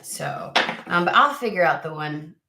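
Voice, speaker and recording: A woman from the United States chatting casually to camera as a tarot reader, rambling and halting, with lots of fillers and restarts. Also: on the low side, animated, very noisy. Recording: echoey room.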